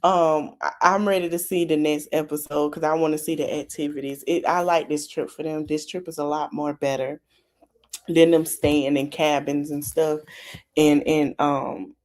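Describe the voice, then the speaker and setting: Animated woman recapping a reality show. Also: low voice, moderate pace. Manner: animated, laughing, acts out quotes. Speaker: podcast host.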